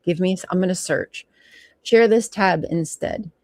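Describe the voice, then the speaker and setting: A woman hosting a casual livestream, reading old myths aloud and breaking off for frank, animated commentary with the odd swear word. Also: fairly low pitch, measured pace, no echo, clean studio sound.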